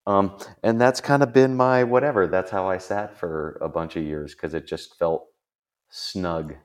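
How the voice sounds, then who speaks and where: Man, deep voice, podcast host, casual rambling chat, self-deprecating. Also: a little slow.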